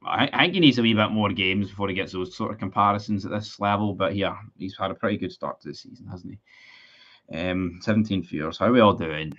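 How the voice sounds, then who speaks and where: A Scottish man with a fairly low voice talks through a live football match for his stream, swearing at his team and answering viewers in the chat. His audio is dull and lo-fi, like a cheap streaming setup. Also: quick pace, a bit bright. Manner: frustrated, sweary, chatty with viewers. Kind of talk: live match watchalong commentary.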